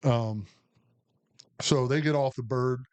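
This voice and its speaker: A man's voice: medium pitch, slow, a little mellow, clear, resonant tone. A middle-aged man, an Army veteran co-hosting a podcast, telling stories in a rambling way full of fillers. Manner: rambling, anecdotal, heavy with fillers. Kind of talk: casual storytelling chat.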